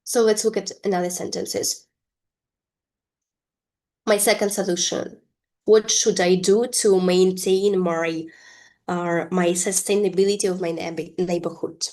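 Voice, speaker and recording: A woman teaching an English lesson, reading example sentences slowly and deliberately. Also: fairly low pitch, flat delivery, darkish tone.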